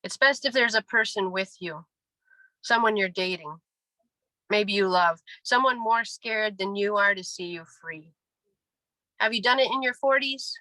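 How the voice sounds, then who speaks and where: A woman in her forties reads her poems aloud with a wry, deadpan delivery. Her voice is bright and forward, recorded dry and close with little room sound. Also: medium pitch, unhurried, dry recording, low-quality recording. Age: 40s. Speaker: poet. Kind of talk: poetry reading. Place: reading venue.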